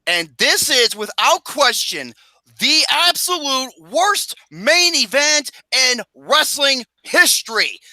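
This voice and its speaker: A man hosting a casual ranking chat, ranting with plenty of profanity in an animated, exasperated way. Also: very high-pitched, slow pace, dry recording. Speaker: podcast host.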